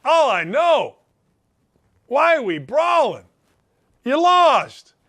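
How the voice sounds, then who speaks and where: Brief: middle-aged man, sports talk host, high forceful voice, blunt folksy ranting monologue. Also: sing-song, very slow. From Indianapolis, United States. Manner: blunt, riled-up, folksy slang. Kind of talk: opinionated sports radio monologue.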